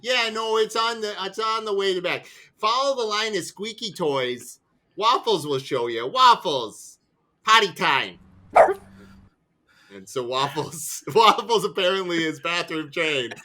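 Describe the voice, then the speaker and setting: A man's voice: sits high, animated, moderate pace, sharp tone, slight background noise. A man playing a tabletop role-playing game, improvising in character in a playful, stammering way. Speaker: player.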